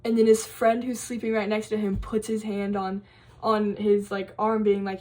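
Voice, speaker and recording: A woman's voice: medium pitch, little pitch movement, moderate pace, a little mellow. A young woman vlogging, casually telling a campfire-style scary story with lots of fillers and restarts. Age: young adult. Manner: rambling, many fillers and restarts.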